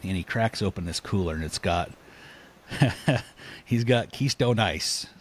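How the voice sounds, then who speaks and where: A man, a podcast guest, telling a story in a casual, animated way, laughing often and acting out what people said. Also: low voice, a little slow. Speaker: podcast guest, elk hunter.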